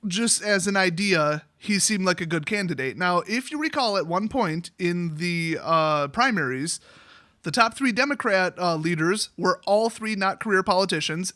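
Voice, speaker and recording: A man's voice: high voice, bright, forceful tone, dry recording, clean studio sound. A man ranting sarcastically to camera, exasperated and mocking as he talks. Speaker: YouTuber. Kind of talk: political rant.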